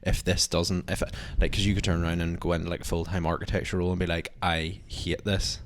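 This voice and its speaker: A man's voice: sits low, flat delivery, rapid-fire, a little hiss or hum. A young man, co-hosting a casual podcast and rambling with lots of fillers. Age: young adult. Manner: rambling, heavy use of "like". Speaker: podcast co-host. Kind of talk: casual chat.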